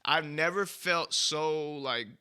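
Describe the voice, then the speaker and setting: A man co-hosting a podcast, chatting casually and telling an animated story that sometimes bursts into shouting. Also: fairly high pitch, slow pace, clear, resonant tone. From United States. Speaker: podcast co-host. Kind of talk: casual chat.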